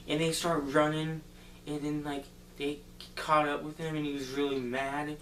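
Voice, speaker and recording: A man casually retelling a movie plot for a review, rambling loosely and filling pauses with "like" and "um". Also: on the high side, level tone. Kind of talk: casual spoken movie recap. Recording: roomy echo, distant mic, faint hum.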